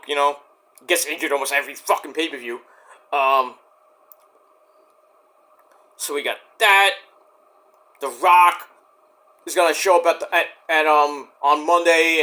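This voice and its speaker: Man in a casual rant vlog, rambling and profane, bright higher voice. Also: measured pace, pauses often. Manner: rambling, profane, many restarts. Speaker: vlogger.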